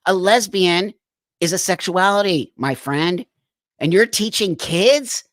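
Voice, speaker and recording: A man's voice: sits high, takes it slowly, a bit bright, no room sound. Incredulous man ranting on a livestream. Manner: incredulous, exasperated, laughs often. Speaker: livestream host. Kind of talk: livestream reaction commentary.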